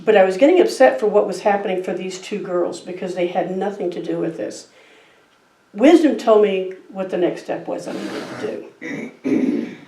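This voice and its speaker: A woman's voice: mid-range voice, normal speed, warm tone, slight background noise. Storytelling woman speaker in a roomy church. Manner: conversational storytelling. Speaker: guest speaker. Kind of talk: sermon. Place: church sanctuary. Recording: roomy distant church mic.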